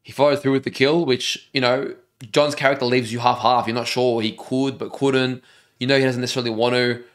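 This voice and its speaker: An Australian man co-hosting a show reviewing a TV episode, talking in an animated, enthusiastic way. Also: medium pitch, a little fast. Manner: animated, enthusiastic, says "dude" often. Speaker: reaction channel co-host. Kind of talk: casual chat.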